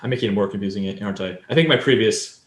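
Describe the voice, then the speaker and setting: A man's voice: on the low side, fast, reverberant. A man co-hosting a casual podcast, explaining things at length and acting out example lines. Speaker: podcast co-host. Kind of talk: casual chat.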